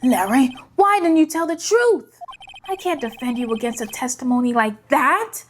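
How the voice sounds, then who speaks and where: An earnest young male defense lawyer, acted by a woman, pleading and objecting in court. The voice is high and lively. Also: moderate pace, a little hiss or hum.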